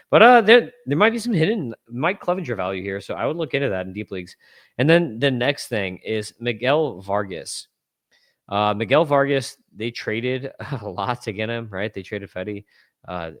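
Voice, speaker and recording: A man with a somewhat low voice hosts a casual sports podcast, talking through numbers as he scrolls. He rambles, catches and corrects his own slips, and chuckles at his own asides. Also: a bit bright. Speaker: fantasy baseball podcast host. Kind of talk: casual analysis while screen-sharing stats.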